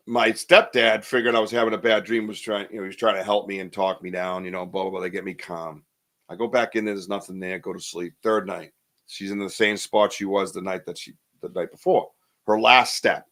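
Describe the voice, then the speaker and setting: A man in his fifties tells a personal story as a podcast host, in a fairly low voice. He keeps it casual and chatty, and he briefly acts out what the people in the story said. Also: a bit bright. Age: 50s.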